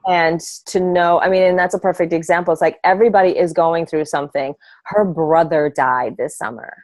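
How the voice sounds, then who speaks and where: Casting: passionate woman coach, lower voice, dry close recording. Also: steady tone, fairly quick, a little mellow, no room sound. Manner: emphatic, filler-heavy, passionate. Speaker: team coach on a group call. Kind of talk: casual team call chat.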